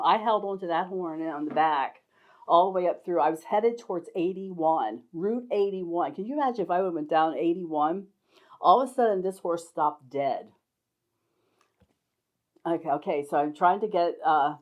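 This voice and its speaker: Low-voiced older woman telling stories. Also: moderate pace. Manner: rambling, laughs often between anecdotes. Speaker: storyteller sharing life stories. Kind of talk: casual spoken memoir. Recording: dull lo-fi recording.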